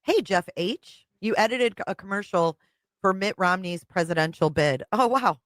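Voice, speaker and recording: A woman's voice: mid-range voice, animated, normal speed, a bit bright, dry recording. A woman co-host reacting bluntly to a video, talking casually and swearing freely. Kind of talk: casual commentary.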